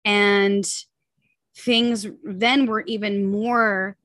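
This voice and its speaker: A woman in her thirties talks openly as a podcast guest, rushing through her story with plenty of "like" and "you know". Her voice sits in a middle range, and the recording is close and dry with no room sound. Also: mid-range voice, little pitch movement, fairly bright tone, dry recording. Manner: candid, quick, full of likes and you-knows. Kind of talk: personal story in a casual interview.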